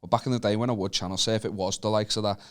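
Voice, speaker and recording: A man's voice: on the low side, fairly even intonation, very fast, smooth. A young northern English man co-hosting a comedy podcast, telling sweary anecdotes in casual chat. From Northern England.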